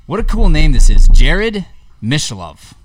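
A man's voice: a little high, big pitch swings, unhurried, faint music behind. A man hosting a casual podcast chat, rambling and playful, often repeating his words. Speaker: podcast host.

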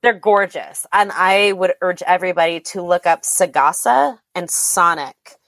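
A woman's voice: on the low side, measured pace, fairly bright tone, no room sound. A woman chatting as a podcast guest, enthusiastic and talkative, with frequent "like" and "um" fillers. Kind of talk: casual chat.

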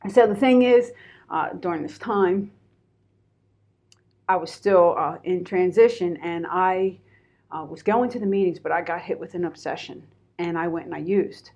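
A woman's voice: on the low side, normal speed, a little mellow. A middle-aged woman from Pennsylvania, a guest telling her own story candidly and animatedly, with lots of fillers. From Pennsylvania, USA. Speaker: interview guest. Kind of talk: personal storytelling in conversation.

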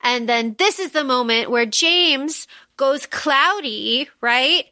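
A woman co-hosting a book podcast, talking in a high and bright voice. She recaps the plot in an animated, loose way, with plenty of fillers. The sound is dry and close. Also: slow, no echo. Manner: animated recapping, filler-heavy, swears casually. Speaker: podcast co-host. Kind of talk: casual book-discussion chat.

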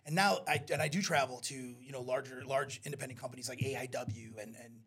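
A man chatting as an interview guest, animated and acting out quotes as he tells stories. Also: mid-range voice, quick pace, husky, soft background music. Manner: animated storyteller, acts out quotes. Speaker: wrestling promoter guest. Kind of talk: casual interview chat.

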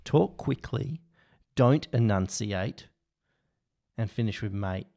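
A man's voice: lowish voice, normal speed, gravelly. A man, co-hosting a podcast in casual, playful, teasing chat. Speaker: podcast co-host.

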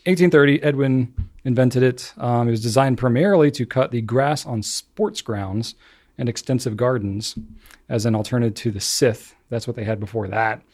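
A man's voice: mid-range voice, normal speed, darkish tone. An American man co-hosting a casual podcast, chatty, laughing easily and trailing off with ums. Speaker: podcast co-host. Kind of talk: casual chat.

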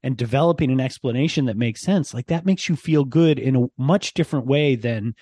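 A man co-hosting a casual podcast chat, quick-witted and teasing as he explains his views. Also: medium pitch, mellow, slightly rough, dry recording. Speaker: podcast co-host.

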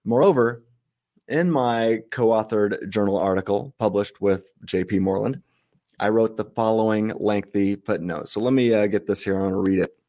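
A man with a fairly low voice, a guest on a casual podcast. He speaks in a measured way and reads long passages of his own writing aloud. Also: warm tone. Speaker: guest author.

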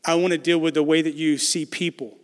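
A man's voice: a little high, little pitch movement, fairly quick, long reverb tail. A man preaching a conversational sermon as pastor, building emphasis through repetition.

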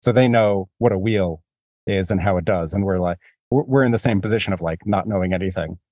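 Low-voiced rambling male podcast host. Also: fairly quick, dark tone, no echo, clean studio sound. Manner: rambling, self-deprecating, many restarts. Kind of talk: casual book discussion.

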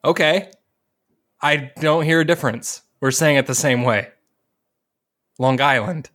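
A man with a Northwest Ohio accent co-hosting a casual podcast chat, relaxed and joking, reading quotes aloud. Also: a little high, normal speed. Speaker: podcast co-host.

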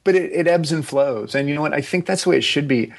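A man in his forties, a podcast guest chatting casually, relaxed and rambling with restarts and asides. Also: fairly high pitch, fast talker, vocal fry. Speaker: podcast guest, agency founder. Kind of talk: casual interview chat.

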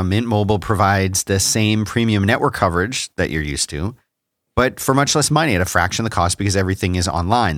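A man with a low voice talks in a relaxed, easygoing podcast chat and laughs easily. His tone stays loose even while he reads an ad. The sound is close and dry, with no room behind it. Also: dry recording. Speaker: podcast co-host. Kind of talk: casual chat with a read ad.

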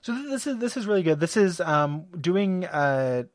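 A man's voice: high-pitched, big pitch swings, normal speed, dry recording, clean studio sound. A man co-hosting a casual podcast about a video game, rambling with lots of fillers and restarts and laughing often. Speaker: podcast co-host. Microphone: studio microphone.

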